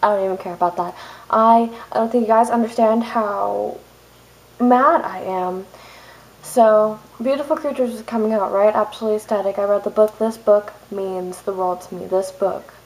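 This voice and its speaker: A young woman vlogger ranting angrily to her camera, fast and exasperated with sudden outbursts. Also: mid-range voice, fairly even intonation, darkish tone, poor audio. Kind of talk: angry rant to camera.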